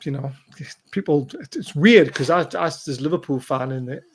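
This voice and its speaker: A man co-hosting a football podcast, telling match stories in an animated, excitable way. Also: a little high, normal speed, background noise. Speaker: podcast co-host. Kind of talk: casual football chat.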